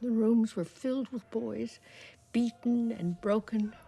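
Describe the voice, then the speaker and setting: An actress playing an elderly woman who served as a nurse in a great war, recalling it softly and reflectively, sometimes dropping to a whisper. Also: on the high side, measured pace, gravelly, slightly rough, full character voice. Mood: somber. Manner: soft, reflective, drops to a whisper at times. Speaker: former wartime nurse recalling her past. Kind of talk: first-person docudrama narration.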